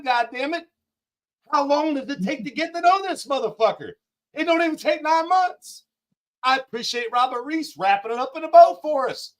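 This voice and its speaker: A man with a notably high voice rants as a call-in guest, blunt and full of swearing. His points come in rapid-fire jabs. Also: lively intonation, low-quality recording. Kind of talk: heated profane rant.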